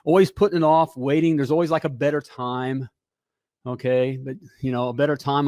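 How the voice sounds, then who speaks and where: A middle-aged man hosting a live talk show, energetic and repetitive, tossing in "all right?" and "hey" between lines. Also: medium pitch, normal speed, no room sound, studio quality.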